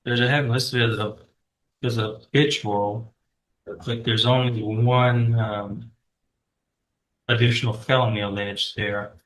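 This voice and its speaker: A man serving as prosecutor, his voice bright and rather flat in pitch. He addresses the bench formally and deferentially, explaining the notices he filed. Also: slow, long pauses, rough recording. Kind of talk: courtroom proceedings. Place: courtroom.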